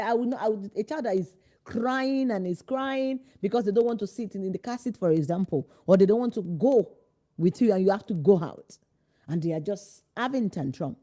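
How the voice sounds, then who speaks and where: A woman parenting coach with a fairly high, mellow voice gives parents emphatic, direct advice, using rhetorical questions. She acts out the lines of parents and children in changed voices.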